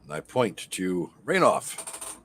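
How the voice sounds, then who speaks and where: A man playing a tabletop game, chatting casually and agreeing quickly. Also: sits low, very animated, fairly bright tone, slight background noise. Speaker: player.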